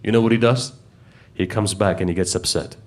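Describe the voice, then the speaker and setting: Preacher, lowish voice, chatty storytelling sermon. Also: male voice, brisk. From United Kingdom. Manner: conversational, asks the audience questions.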